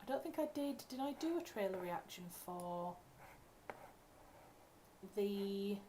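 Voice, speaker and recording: A woman's voice: medium pitch, expressive, takes it slowly, dark tone, a little hiss or hum. A young woman from England, a writer hosting a casual livestream at home, talking in a chatty, rambling way and correcting herself as she goes. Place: home room.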